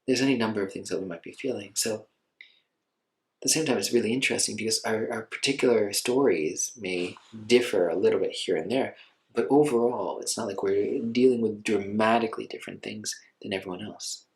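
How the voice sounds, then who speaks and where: Man, lowish voice, meditation teacher, relaxed conversational delivery, lots of filler words. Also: fairly quick, low-quality recording. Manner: conversational, gentle, many fillers like "like". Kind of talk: informal dharma talk.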